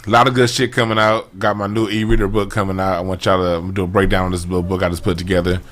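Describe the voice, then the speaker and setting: A man with a lowish voice and a bright, forceful tone. He talks in a laid-back, casual way on a podcast. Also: level tone, very fast, slight background noise.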